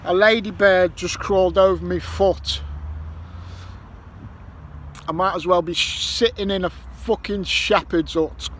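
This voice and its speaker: A metal detecting vlogger from Ireland talks slowly in a high, bright voice with fairly even intonation. He's outdoors by a roundabout near a petrol station, swearing, grumbling and making up rhymes in a casual monologue, with traffic faint behind him.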